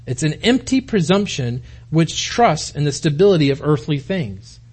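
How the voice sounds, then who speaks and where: This pastor's voice is a little high, husky and darkish, moving at a moderate pace with a sing-song lilt. He is an American man in his forties, preaching a folksy, question-filled sermon to a church-hall congregation.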